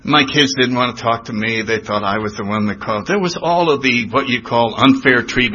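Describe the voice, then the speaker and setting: An older man telling his recovery story in a personal talk, animated, acting out the voices of the people he describes. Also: mid-range voice, normal speed, hardly any pauses. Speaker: recovery speaker. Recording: dull lo-fi recording.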